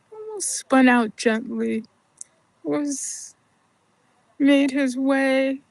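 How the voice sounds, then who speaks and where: Slow, gravelly older woman storyteller. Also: on the high side, dry recording. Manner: unhurried, gentle, often dropping to a soft near-whisper. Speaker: podcast host. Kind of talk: personal storytelling.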